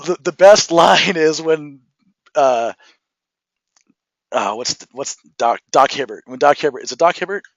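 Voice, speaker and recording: A male podcast host with a slightly higher voice, talking with eager enthusiasm and laughing often. His voice is recorded close and dry, with no room sound. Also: lively intonation, a little slow, vocal fry, long pauses, a bit bright, dry recording, highs cut off. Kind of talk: casual conversation.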